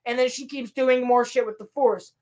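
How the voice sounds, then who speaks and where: Woman podcast host, sarcastic and foul-mouthed, slightly high voice, casual recap. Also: steady tone, normal speed, crowd noise. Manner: sarcastic, profane, mocking impressions of characters. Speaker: podcast host reviewing a TV episode.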